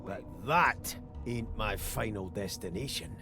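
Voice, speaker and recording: An actor playing a gruff, sly and excitable bearded male dwarf sailor in a video game, with salty, drawn-out speech. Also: fairly low pitch, over music.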